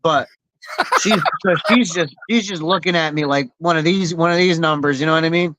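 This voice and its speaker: Casting: easygoing co-host, bright tone, slightly high male pitch. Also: brisk, slight background noise, low-quality recording. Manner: laid-back, chuckling storyteller with fillers. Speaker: podcast co-host. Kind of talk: casual podcast chat.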